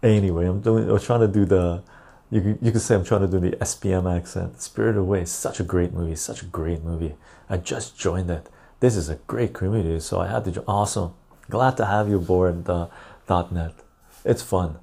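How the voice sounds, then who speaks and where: A man hosting a casual live stream, reading viewer messages aloud and answering them in a relaxed, rambling way. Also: deep voice, moderate pace, vocal fry. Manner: relaxed and rambling, with frequent fillers.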